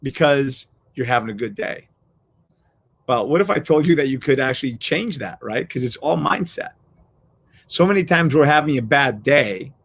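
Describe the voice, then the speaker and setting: A middle-aged man talks through a motivational show in a loose, conversational way. He swears often and acts out little everyday scenes as he goes. His pitch sits in an ordinary middle range for a man. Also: normal speed, slightly rough. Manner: animated, swears freely, acts out everyday scenarios. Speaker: host of a motivational live show. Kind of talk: casual motivational talk.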